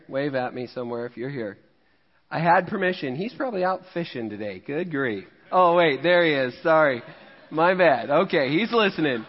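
A man from Missouri preaching a sermon as pastor, telling a fishing story in a conversational, self-mocking way with frequent laughs. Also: a little high. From Missouri, USA. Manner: jokey, conversational, laughs at himself. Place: church sanctuary. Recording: dull, long-reverb church hall recording.

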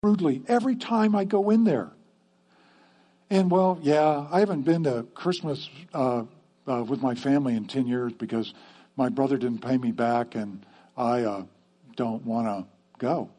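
A man's voice: mid-range voice, steady tone, a little slow, mellow. A man preaching a sermon to his church in a conversational way, often checking in with the congregation with "okay?". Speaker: pastor.

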